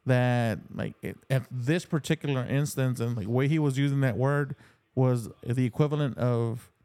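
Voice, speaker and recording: A middle-aged man co-hosting a casual podcast chat, telling a lively story and laughing often. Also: medium pitch, moderate pace. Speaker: podcast co-host.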